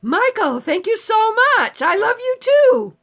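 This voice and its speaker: A woman's voice: extremely high pitch, big pitch swings, unhurried, gravelly, a bit bright. A woman in her seventies chatting casually on a live stream, reading viewer comments aloud and answering them with frequent swearing. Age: 70s.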